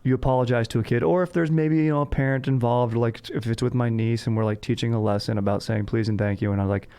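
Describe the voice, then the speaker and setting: A man's voice: medium pitch, steady tone, quick pace, dark tone, smooth. A young man hosting a podcast in laid-back, slangy casual chat, peppering his talk with "dude". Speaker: podcast host.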